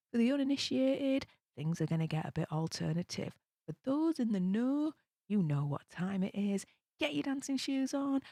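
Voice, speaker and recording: A British woman hosting a live stream at night, talking low and quietly but bubbly and gushing. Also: creaky, no room sound, clean studio sound. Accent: British English. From United Kingdom. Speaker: livestream host. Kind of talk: casual live-stream chat, hushed. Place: home room at night.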